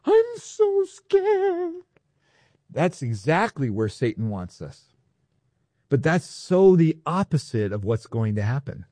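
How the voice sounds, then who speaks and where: Animated man preaching a sermon. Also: medium pitch, no room sound. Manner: animated, playful, excitable teaching. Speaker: pastor.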